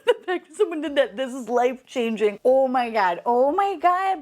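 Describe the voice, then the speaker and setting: A woman vlogging a toy unboxing in casual chat, excitable and profane, swinging from deadpan grumbling to squealing delight. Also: high voice, normal speed, hardly any pauses, a little hiss or hum.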